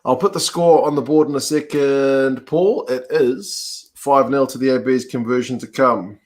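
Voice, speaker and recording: A man's voice: medium pitch, fairly even intonation, measured pace, darkish tone. A man hosting a live rugby watch-along, chatting casually, reacting to the play and answering viewer comments. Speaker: host.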